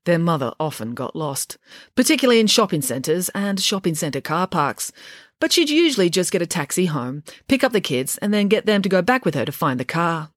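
A woman reading a children's story aloud with a wry, expressive delivery. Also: on the low side, fairly quick, no room sound, studio quality. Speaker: narrator.

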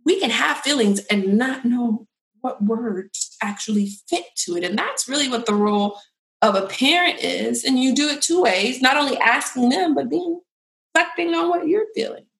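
A woman giving parenting and relationship advice in a casual chat, animated and acting out bits of dialogue. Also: sits high, moderate pace, creaky, reverberant, rough recording. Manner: animated, acts out quoted dialogue.

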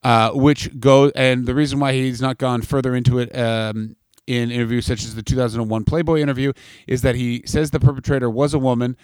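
A man's voice: medium pitch, flat delivery, a little fast, darkish tone, clear, resonant tone, dry recording. A man co-hosting a podcast in casual chat, swearing freely and riffing into mock announcements. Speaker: podcast co-host.

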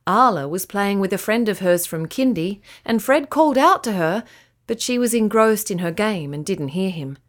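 A woman's voice: mid-range voice, moderate pace. Woman reading a children's story. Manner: gentle, expressive reading. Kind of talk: bedtime story narration.

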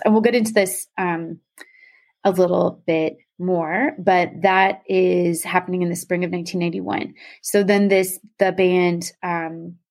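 A woman's voice: on the low side, a little mellow. A young adult woman explaining a topic to a co-host in casual podcast talk, full of "um" and "like". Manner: chatty, many fillers like "um" and "like".

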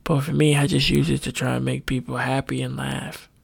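A man hosting a podcast, ranting in a casual, profane, rambling monologue with sudden high-pitched outbursts. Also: flat delivery, fairly quick, gravelly, slightly rough. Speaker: podcast host.

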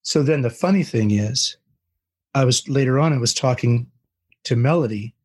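An older man who is a guest on an interview, telling a story with animated, acted-out quotes. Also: mid-range voice, moderate pace, slightly rough.

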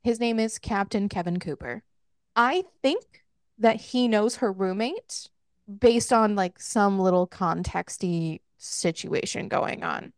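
A woman co-hosts a podcast book review chat, recapping casually, swearing freely, and laughing. She speaks slowly in a mid-range, darkish voice, with no echo and clean studio sound.

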